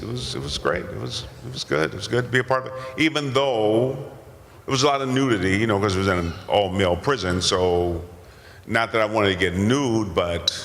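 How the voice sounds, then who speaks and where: An older actor telling stories at a convention Q&A, rambling and self-deprecating with many restarts. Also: male voice, lowish voice, vocal fry, a bit bright, slight background noise. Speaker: guest actor. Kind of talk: convention Q&A storytelling. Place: large convention hall. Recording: convention hall with long reverb.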